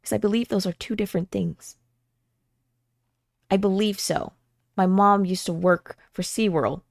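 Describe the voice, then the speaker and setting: A woman's voice: medium pitch, dry recording, clean studio sound. A woman streamer chatting casually and self-mockingly between voiced game lines. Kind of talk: casual commentary while voicing a game.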